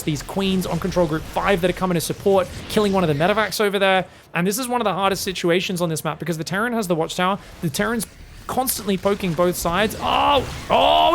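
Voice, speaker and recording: High-voiced excitable esports caster. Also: male voice, slight background noise. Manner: excitable, breaks into high yelps at big plays. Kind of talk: live game commentary.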